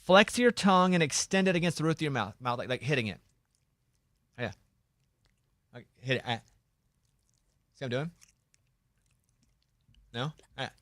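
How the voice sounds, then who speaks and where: Male radio host, playful and teasing, middle pitch, dry studio mic. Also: normal speed, pauses often, a bit bright, no room sound. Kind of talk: casual studio banter. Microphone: studio microphone.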